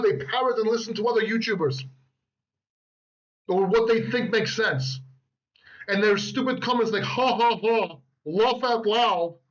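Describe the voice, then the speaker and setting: High-voiced man rambling over crypto charts. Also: dull audio. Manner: rambling, boastful, joking asides. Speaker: crypto channel host. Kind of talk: casual market commentary over charts. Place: beach house. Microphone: laptop microphone.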